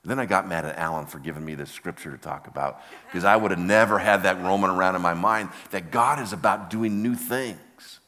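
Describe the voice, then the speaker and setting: An older man preaching a sermon, telling a heartfelt story with halting restarts. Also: low voice, bright, forceful tone. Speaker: pastor. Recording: long reverb of a large hall.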